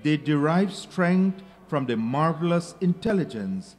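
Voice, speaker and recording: A man in a workshop reading a verse aloud in a steady, measured recitation. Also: on the high side, faint music behind. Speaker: workshop participant.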